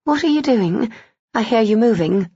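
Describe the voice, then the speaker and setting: A woman voicing a nervous, innocent young woman, breathy and questioning, in a husky voice. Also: on the high side, expressive, normal speed, dark tone, no room sound, pitched above the performer's own voice. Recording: dull, lo-fi.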